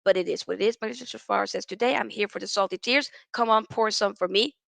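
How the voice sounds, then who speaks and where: A woman's voice: mid-range voice, fairly quick, creaky, fairly bright tone, dry recording. A woman hosting a live football reaction stream, ranting with exasperation and reading out viewer chat comments. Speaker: football channel host.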